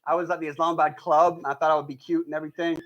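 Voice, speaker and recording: A man's voice: on the high side, very fast, muffled recording. A man performing a stand-up comedy set in front of a live audience, telling stories with lots of energy, acting out the people in them and laughing at his own jokes. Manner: animated storytelling, acts out quoted voices, laughs at own jokes. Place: live show before an audience.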